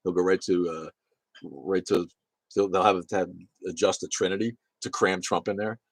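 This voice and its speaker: A man's voice: sits low, fairly even intonation, normal speed, no echo. A man hosting a livestream, rambling and swearing as he reads chat comments and laughs along. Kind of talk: casual profane livestream chat.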